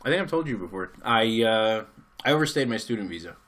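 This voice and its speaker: Animated American man telling a story. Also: fairly low pitch, quick pace. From United States. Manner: animated, jokey storyteller acting out quotes. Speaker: podcast co-host. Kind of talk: casual storytelling chat.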